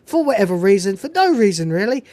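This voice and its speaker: A woman's voice: medium pitch, quick pace, dry recording. A woman hosting a podcast, giving a casual, swearing-filled, digressive recap of a film scene. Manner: animated, profane, digressive. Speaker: podcast host.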